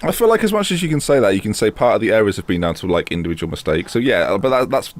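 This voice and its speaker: A man's voice: on the low side, big pitch swings, racing. A man from England co-hosting a casual football podcast, teasing his co-host in chatty banter.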